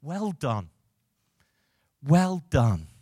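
A male pastor preaching a sermon, moving from quiet reflection to loud, rousing calls to the congregation. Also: a little high, sing-song, very slow, husky, no room sound, clean studio sound.

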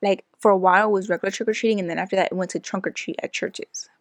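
A young woman chats with her co-host, voice at an everyday middle pitch and close and dry on the mic. She tells stories in an animated, rambling way, dotting her sentences with "like". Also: very fast, no echo. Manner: chatty, animated storytelling with many "like"s. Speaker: podcast co-host. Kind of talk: casual chat.

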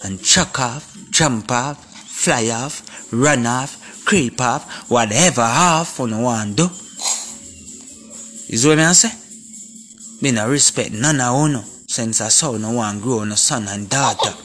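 Jamaican man, impassioned vlog rant, forceful and repetitive, mid-pitched voice. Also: a little slow, faint music behind. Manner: preachy, repetitive, speaking in Jamaican patois; forceful and confrontational. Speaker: vlogger. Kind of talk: impassioned monologue to camera.

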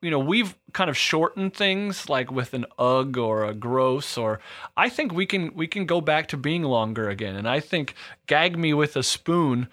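A man's voice: fairly high pitch, lively intonation, normal speed, fairly bright tone. A man in his thirties co-hosting a podcast, jokey and rambling in casual chat. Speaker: podcast co-host.

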